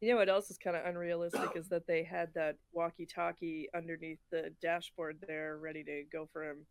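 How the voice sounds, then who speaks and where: A woman's voice: low voice, little pitch movement, a little fast, clear, resonant tone, no room sound. A woman co-hosting a movie podcast, chatting casually, giggly and exasperated. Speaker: podcast co-host. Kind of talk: casual movie review chat.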